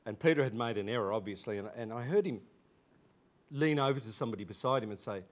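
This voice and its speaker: A man's voice: mid-range voice, fast talker. An Australian man in his fifties, animatedly recalling school days with laughter and frequent restarts. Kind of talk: casual anecdotal storytelling.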